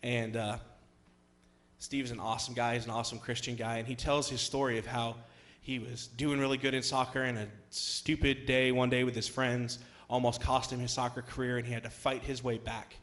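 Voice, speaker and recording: A young man preaching as a youth pastor, telling a story in a conversational way with many fillers, then rising to loud, emphatic passages. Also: mid-range voice, flat delivery, normal speed. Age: young adult. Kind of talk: sermon with storytelling.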